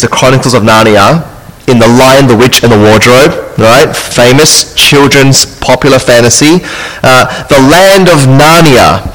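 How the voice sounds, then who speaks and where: Animated man preaching a sermon. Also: fairly high pitch, long reverb tail, rough recording. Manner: animated preaching, with dramatic readings. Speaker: pastor.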